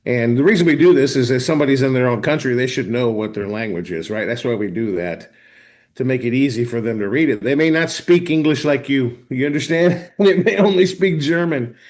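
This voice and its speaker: A man hosting a live online class, talking viewers through software step by step in a casual, chatty way. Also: medium pitch. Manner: casual, talks to viewers directly, thinks aloud while clicking. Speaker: host of a software training session. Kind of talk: live screen-share walkthrough.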